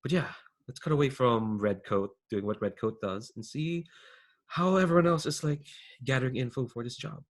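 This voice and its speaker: A man's voice: medium pitch, normal speed. A man running a tabletop game as game master, talking loosely with laughs and lots of fillers.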